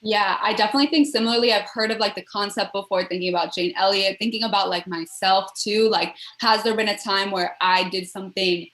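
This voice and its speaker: A woman's voice: medium pitch, steady tone, brisk, hardly any pauses, fairly bright tone. Reflective woman panelist in a roomy space. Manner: reflective, many "like" fillers. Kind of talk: casual panel discussion.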